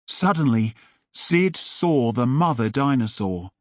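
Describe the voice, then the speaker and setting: Slow, deliberate male storyteller. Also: medium pitch, no room sound. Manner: clear, deliberate, expressive. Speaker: English teacher narrator. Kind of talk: slow audiobook narration for learners.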